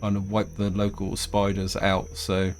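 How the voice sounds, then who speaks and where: A man's voice: sits low, unhurried, soft background music. A man casually commenting on his own gameplay, thinking aloud as he plays. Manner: relaxed, thinking aloud while playing. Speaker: gaming video host.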